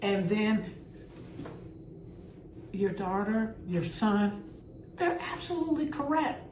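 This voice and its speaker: A woman's voice: mid-range voice, animated, slow pace, a little mellow. An older woman and grandmother, co-hosting a casual chat and giving upbeat parenting tips. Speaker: co-host. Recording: echoey room with faint noise.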